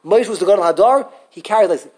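A fast-talking man with a high voice leads a live Torah class. Animated and full of questions for his students, he often breaks off and restarts what he's saying.

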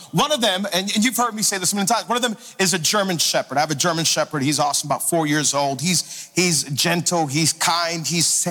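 A man preaching to his congregation as a pastor, energetic and playful, calling out to the crowd. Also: a little high, slight background noise. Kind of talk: sermon. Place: church sanctuary. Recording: long hall reverb with faint music.

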